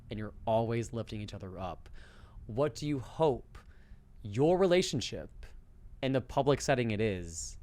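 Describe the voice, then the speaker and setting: Low-voiced male interviewer. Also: darkish tone. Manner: supportive, lots of short backchannels. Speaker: podcast host.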